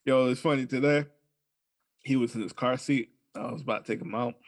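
A young man co-hosts a casual podcast in a medium-pitched, fairly quick voice. He's laid-back and profane in the chat, laughing as he tells his stories.

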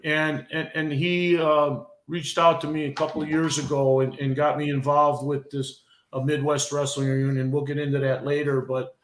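Brief: emotional middle-aged veteran wrestler, a touch high, impassioned with stumbling restarts, echoey room. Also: male voice, flat delivery, normal speed, hardly any pauses. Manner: impassioned, repeats and restarts words. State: emotional, getting heated. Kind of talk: podcast interview.

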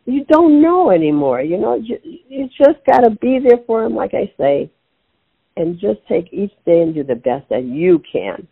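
A woman's voice: medium pitch, moderate pace, vocal fry, slightly rough. Older woman telling a story on a phone line. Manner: animated storyteller acting out her own quotes. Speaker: author and interview guest.

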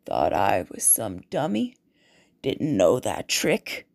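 A woman voicing a menacing male guard with a knife, in a low, gruff, threatening mutter. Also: wildly swooping pitch, slow, darkish tone, no room sound, clean studio sound, full character voice. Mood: sneering.

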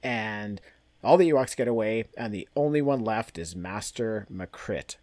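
A man's voice: fairly low pitch, animated, moderate pace, darkish tone, no echo. A man co-hosting a podcast, casually recapping a comic with lots of laughter and filler words. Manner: laughs often, rambling with fillers. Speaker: podcast co-host.

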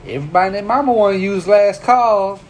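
A man's voice: sits high, fast, slight background noise. Profane, teasing man hosting a podcast. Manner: loose, profane, teasing, storytelling. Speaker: podcast host. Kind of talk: casual podcast banter.

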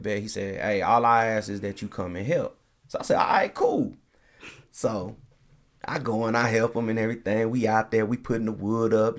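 A man's voice: lowish voice, creaky. Dude telling a funny story on his podcast, laughs a lot, does little voices for people. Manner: animated storyteller, acts out quotes, laughs often. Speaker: podcast host. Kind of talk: casual storytelling.

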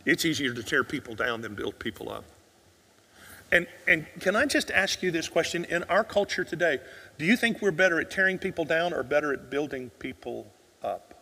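A man preaches to his congregation in a high, ringing voice. He leans on rhetorical questions and drops nearly to a whisper to press a point home. His voice carries through the long echo of a large church sanctuary. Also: expressive, moderate pace, sharp tone, breathy edge. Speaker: pastor. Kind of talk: sermon.

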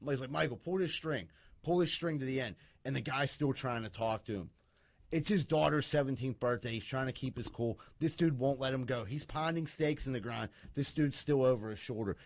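A man telling a profane, animated story in casual chat among friends. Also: medium pitch, fairly quick, no room sound.

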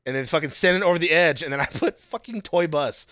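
A young man in casual chat, going through his notes on a TV episode, swearing freely and mimicking the characters in sudden high yelps. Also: fast, fairly bright tone, no echo. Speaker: co-host reviewing a TV episode.

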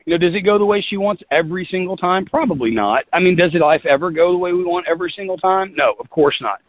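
A man's voice: high voice, quick pace, no room sound. A man giving a motivational team talk as a business leader, folksy, earnest and repetitive. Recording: tinny phone-like line.

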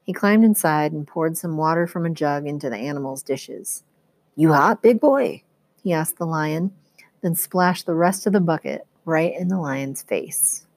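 A woman teacher reading a novel chapter aloud in a steady, expressive storytelling manner. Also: low voice, moderate pace, dry recording.

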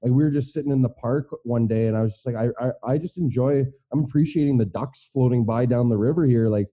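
Middle-aged male host, casual chat; halting and earnest; deep, dark tone; muffled lo-fi audio. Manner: earnest, halting, with many restarts and fillers. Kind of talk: casual conversation. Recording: dull lo-fi recording.

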